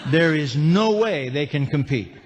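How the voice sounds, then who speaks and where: Animated man lecturing a hall. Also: a little high, measured pace. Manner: animated, humorous, asks the audience questions. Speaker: motivational speaker. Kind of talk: live seminar talk with stories. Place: large lecture hall with live audience. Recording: long hall reverb.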